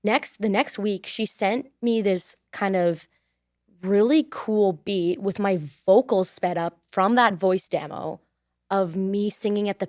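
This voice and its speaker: A woman's voice: medium pitch, darkish tone, no room sound. Chatty young American woman, dry sound. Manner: chatty, laughs often, repeats thank you. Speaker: singer and songwriter guest. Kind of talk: casual interview chat. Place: podcast studio.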